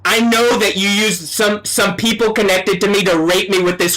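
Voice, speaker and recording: A man delivers a live-stream monologue in a bright, forward tone that sits a little high for a man. His agitated, profane rant slides between low muttering and raised yelling. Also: fairly even intonation, normal speed, hardly any pauses, some chatter behind. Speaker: livestreamer.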